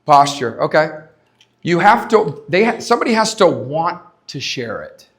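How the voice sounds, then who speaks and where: A man giving an energetic motivational talk to a live audience at a leadership summit, repeating his points and asking the crowd questions. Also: fairly high pitch, normal speed. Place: conference stage before a live audience.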